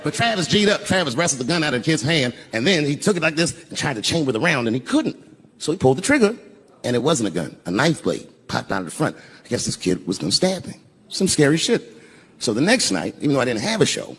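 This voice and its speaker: A male stand-up comedian telling a story on stage, dropping to a hush and then shouting the punchlines. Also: medium pitch, big pitch swings, fast talker, breathy edge. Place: large theater stage with an audience. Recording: reverberant venue sound with crowd noise. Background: audience laughter.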